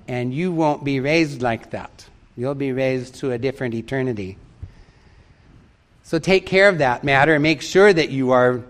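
A man's voice: on the high side, fairly bright tone. Emphatic man preaching a sermon. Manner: emphatic, repeats key phrases for stress. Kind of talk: sermon with a read-out story.

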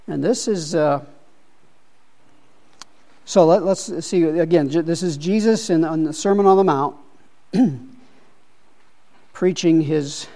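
A man's voice: a little high, darkish tone. A middle-aged man leading a Bible study group, talking through ideas with many restarts and repeated words. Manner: hesitant, repeats words, thinks aloud.

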